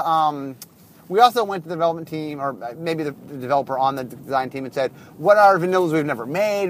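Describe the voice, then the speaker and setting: Rambling man, a card game designer. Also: fairly high pitch. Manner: rambling, often restarts and corrects himself. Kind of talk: casual spoken monologue.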